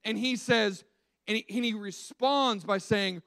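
A man preaching a sermon in an animated storytelling way, acting out the quotes he tells. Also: high voice, a little slow, creaky, no room sound.

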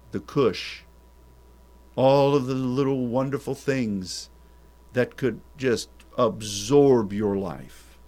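Slow preacher guy asking the crowd question after question, stumbles and repeats. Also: medium pitch, a little mellow. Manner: searching rhetorical questions, repeats words as he restarts. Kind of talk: sermon.

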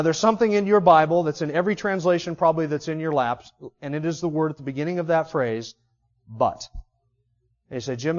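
A man's voice: a little high, a little mellow, lo-fi sound. A man preaching an expository sermon as pastor, teaching emphatically through rhetorical questions.

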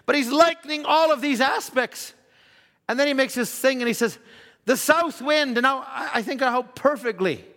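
A man delivers a sermon with a very high-pitched voice. He talks conversationally, repeats and restarts his words, and sinks to a hushed tone when he turns reflective. The sound carries a long hall reverb. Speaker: preacher.

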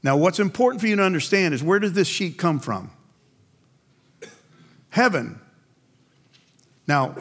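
A pastor delivers a sermon in a slightly high, fairly bright male voice. He repeatedly poses questions to the congregation and answers them himself, performing the biblical characters' voices whenever he quotes them.

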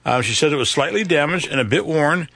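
Male morning radio co-host, fairly high, raspy voice, dry close mic, casual jokey banter. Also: animated, fast, sharp tone, no echo. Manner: chatty, jokey storyteller.

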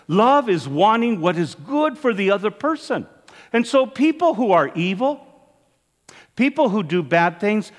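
Animated male preacher in a reverberant church. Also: high voice. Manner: earnest, animated preaching with rising and falling emphasis. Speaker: priest. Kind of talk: sermon.

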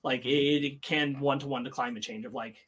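Husky man musing on a film. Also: mid-range voice, steady tone, fairly quick, a bit bright. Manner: thoughtful, rambling with restarts. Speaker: podcast co-host. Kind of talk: casual film discussion.

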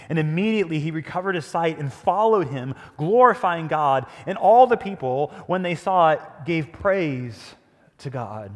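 A male pastor delivers a sermon in a slightly high voice. He tells the story with animation and often falls to a hush. A long reverb fills the church hall around him. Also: lively intonation, normal speed.

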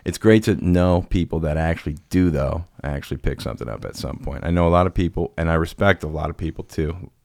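A man's voice: rumbling low, fast, creaky, few pauses, a little mellow, no room sound, clean studio sound. A man hosting a podcast in casual chat, rambling and jokey, often laughing. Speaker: podcast host.

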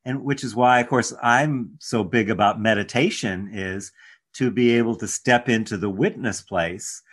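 A man in conversation affirming his guest and then explaining ideas in a teacherly, animated way. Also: lowish voice, moderate pace. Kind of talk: casual conversation.

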